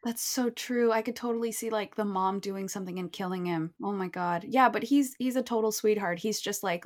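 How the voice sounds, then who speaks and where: A woman's voice: mid-range voice, brisk, few pauses. A woman co-hosting a podcast, chatting casually about a TV show, laughing often and quoting characters. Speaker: podcast co-host. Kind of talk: casual chat recapping a TV show.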